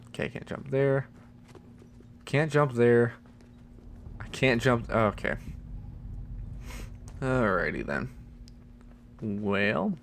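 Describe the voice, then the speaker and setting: A man's voice: very slow, pauses often, a little hiss or hum. Chatty teen boy narrating gameplay. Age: teens. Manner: chatty, muttering, bursts of excited high squeals. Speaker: gaming channel host. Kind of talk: let's play commentary.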